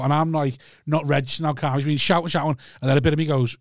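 Quick, slightly high man. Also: steady tone, dry recording, clean studio sound. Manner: laughing, sweary anecdote teller. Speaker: former taxi driver, co-host. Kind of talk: casual podcast chat.

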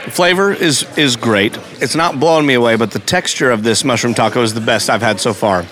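A man's voice: mid-range voice, brisk, a bit bright. A man co-hosting a casual food review, joking and narrating what his friends are doing. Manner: playful, jokey, narrates what others do. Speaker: co-host of a food review show. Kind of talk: casual food-tasting chat.

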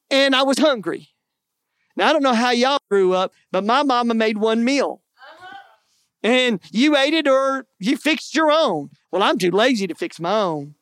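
A man's voice: very high voice, a bit bright, no echo, clean studio sound. A man preaching a sermon in a folksy, conversational way, often tossing in "man" and "right?". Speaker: pastor.

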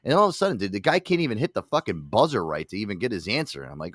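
Ranting low-voiced man swearing through a chat. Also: sing-song, rapid-fire, hardly any pauses, no echo. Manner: ranting, heavy swearing, mocking asides. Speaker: podcast host. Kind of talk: casual profane chat.

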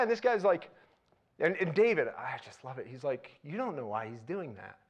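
A man preaching a sermon in a conversational way, turning animated and loud when he retells scenes. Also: sits high, moderate pace, lo-fi sound.

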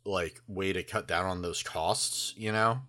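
A man's voice: deep voice, steady tone, unhurried, bright, forceful tone. A man co-hosting a podcast in casual chat, dropping dry, wry remarks. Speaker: podcast co-host.

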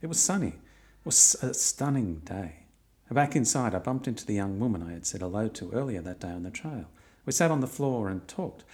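A man's voice: on the low side, sing-song, moderate pace, a little mellow. A middle-aged man narrating his own long walk in a reflective way with dry, wry humour. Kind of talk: personal travel narration.

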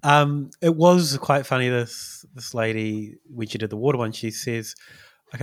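A man chats casually on a podcast and tells his stories in a loose, rambling way. His voice sits at an ordinary middle pitch. It comes through a close mic with a dry, dead sound. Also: steady tone, unhurried, no echo. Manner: rambling storytelling with many fillers. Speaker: podcast co-host. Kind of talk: casual chat.

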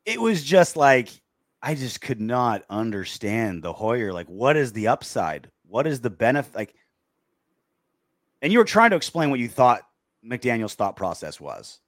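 Sarcastic, lively male sports co-host. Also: medium pitch, a little slow, no echo, clean studio sound. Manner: sarcastic, animated, reads listener comments. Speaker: podcast co-host. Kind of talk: casual sports chat.

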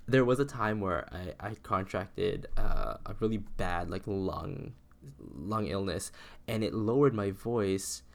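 A young man hosting a solo podcast, rambling in a meandering way with many restarts, his voice lower than usual because he is sick. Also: creaky. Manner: meandering, self-interrupting, with frequent restarts. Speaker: podcast host.

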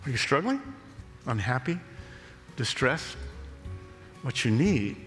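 A pastor preaching a sermon, telling a story in a slow, measured way. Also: male voice, mid-range voice, sing-song, a bit bright, faint music behind. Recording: long reverb of a large hall.

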